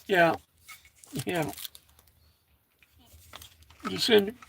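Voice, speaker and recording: This older American man talks extremely slowly in a high, creaky voice over a faint hiss or hum. Hosting his own livestream, he chats in a folksy, casual manner, reading viewer comments and warming to the chat.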